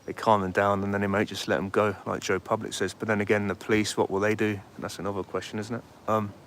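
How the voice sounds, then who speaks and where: Streaming casually beside a street, a male host chats, rambles, and reads viewer comments aloud. His voice sits on the low side, moves little in pitch, and runs fast over faint traffic sounds.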